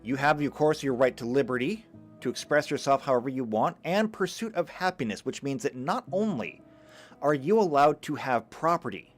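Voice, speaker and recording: A man lecturing live talks at normal speed in a mid-range voice, faint music behind him. He reads chat comments aloud, speaking with animation and emphasis and now and then tripping into stammered restarts.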